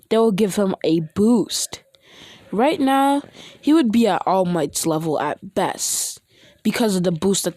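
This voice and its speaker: A woman's voice: fairly low pitch, darkish tone, no echo. A woman casually retelling a fan-made story, rambling and hesitant with many restarts.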